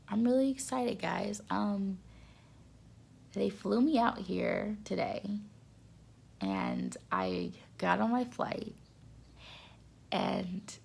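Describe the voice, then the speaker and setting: A young woman talks casually to her camera, excitable and repeating herself for emphasis. Her nose is stuffed up, and her voice crackles with heavy vocal fry. Her pitch leaps around animatedly. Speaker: vlogger.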